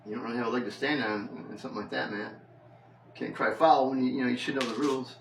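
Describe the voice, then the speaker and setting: A man's voice: mid-range voice, fairly even intonation, fast, creaky, echoey room, recorded from a distance, a little hiss or hum, low-quality recording. A man vlogging in a loose, rambling monologue, full of fillers and laughs. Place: house with the door open.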